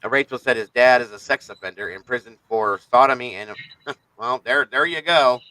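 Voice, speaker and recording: A man's voice: medium pitch, moderate pace, pushed and bright, no echo, low-quality recording. A man hosting a live stream, ranting in an irritated, profane, rambling way to his viewers. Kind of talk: casual live-stream rant.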